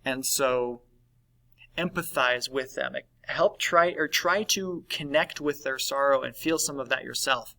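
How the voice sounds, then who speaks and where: A man's voice: medium pitch, measured pace, creaky, pushed and bright, rough recording. A man teaching a recorded lesson in a conversational way, often checking in with "right?". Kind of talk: recorded class lesson on validation.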